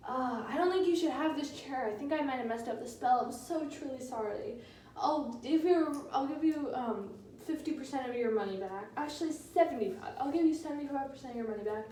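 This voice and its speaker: A woman's voice: high-pitched, brisk, mellow, slight background noise, close to an everyday voice. A woman voicing a scheming witch who rambles out insincere apologies, in an echoey room with a distant mic. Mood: fake sorry.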